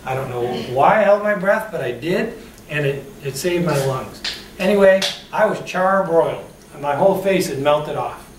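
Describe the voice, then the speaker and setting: A man with a fairly high voice and lively intonation gives a motivational talk on customer service at a moderate pace, telling personal stories and asking the audience questions. He was recorded from a distance in an echoey room, with faint hiss.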